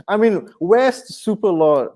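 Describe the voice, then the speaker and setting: High-voiced pastor. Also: male voice, measured pace. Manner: animated, conversational preaching with humor. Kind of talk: sermon.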